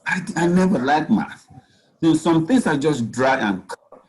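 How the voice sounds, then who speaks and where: A man's voice: on the high side, animated, moderate pace, darkish tone, a little hiss or hum, low-quality recording. A man, a physician speaking as guest at a parenting talk, giving earnest advice and often saying "you know.". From Nigeria.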